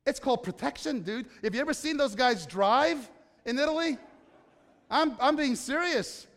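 High-voiced preaching man in a hall. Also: normal speed. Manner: animated preaching, shifts from loud excitement to soft hush. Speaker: pastor. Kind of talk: sermon. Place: church sanctuary.

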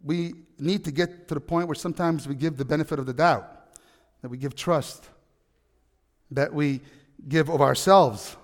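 A man preaching a sermon, telling a story with animated, emphatic peaks. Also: fairly high pitch, moderate pace, pauses often, long reverb tail. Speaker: pastor.

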